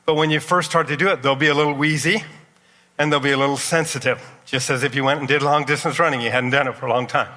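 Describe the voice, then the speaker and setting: A man's voice: mid-range voice, steady tone, fast talker, bright, forceful tone. A man giving a live demonstration talk at an expo, coaching volunteers through exercises with energy. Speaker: expo presenter. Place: large expo hall. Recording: echoey hall from a distance.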